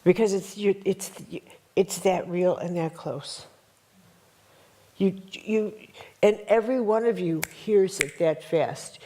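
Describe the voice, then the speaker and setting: A woman's voice: mid-range voice, slow pace, warm tone. A middle-aged woman telling a dramatic story to a workshop audience, emphatic and full of repetitions. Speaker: workshop teacher.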